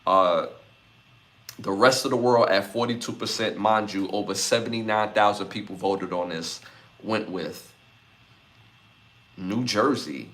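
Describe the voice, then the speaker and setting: A man's voice: lowish voice, unhurried, pauses often, fairly bright tone. A man from Brooklyn, hosting a live podcast, reading out chat comments and repeating his lists. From Brooklyn, New York. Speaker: podcast host.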